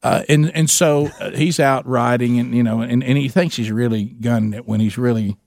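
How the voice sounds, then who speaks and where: A man telling an animated story with lots of restarts, chatting casually as co-host. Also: medium pitch, normal speed, gravelly, no room sound, clean studio sound. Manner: animated storyteller, many restarts, imitates others.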